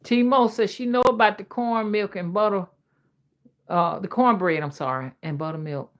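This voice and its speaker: A woman's voice: medium pitch, normal speed. A woman from Alabama with an old-fashioned Southern accent, chatting casually on a livestream and reading viewers' comments in a folksy way. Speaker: livestream host.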